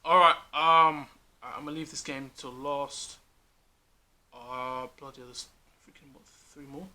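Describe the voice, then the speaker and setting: A man hosting a relaxed football prediction chat, steering the talk and pressing his co-host for scores. His voice is very bright and sits slightly above average pitch. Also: a little slow, slight background noise. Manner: leads the talk, quizzes his co-host, laughs often.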